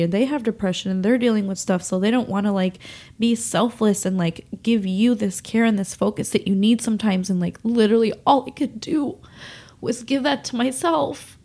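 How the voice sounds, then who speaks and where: A woman's voice: medium pitch, mellow. Tearful, nasal young woman podcaster. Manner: emotional, rambling, many fillers. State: nasal and close to tears. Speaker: podcast host. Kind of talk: confessional solo podcast.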